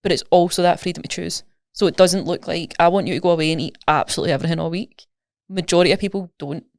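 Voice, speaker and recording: A woman's voice: fairly low pitch, fairly even intonation, fast, gravelly, no echo, clean studio sound. A woman with a Scottish accent, a coach talking casually and animatedly in a podcast interview, explaining with everyday examples. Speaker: nutrition coach, guest.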